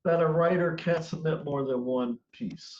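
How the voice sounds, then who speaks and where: A man's voice: fairly high pitch, moderate pace, darkish tone, a little hiss or hum. A man hosting a play reading group on a video call, easygoing and telling jokes plainly. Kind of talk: casual chat on a video call. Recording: roomy, dull video-call audio.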